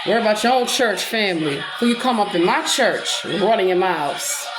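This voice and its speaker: A woman's voice: mid-range voice, expressive, normal speed, background noise. A woman with a Black way of speaking, preaching in a defiant, confrontational monologue aimed at her accusers. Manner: breaks into gospel-style singing. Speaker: self-styled preacher. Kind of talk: impassioned monologue. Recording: roomy echo with music behind.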